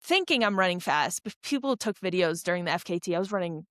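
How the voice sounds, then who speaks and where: A young adult woman, an ultra runner appearing as a podcast guest, tells a long story in a casual, rambling manner full of fillers and restarts. Her voice is fairly low and fairly bright, with lively intonation and a fast delivery.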